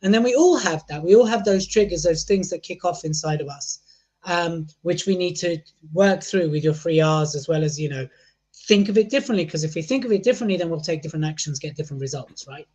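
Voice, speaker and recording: A man hosting a podcast, joking and bantering between the serious points. His voice sits quite high for a man. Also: lively intonation, quick pace, a little mellow. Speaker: podcast host. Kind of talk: podcast conversation.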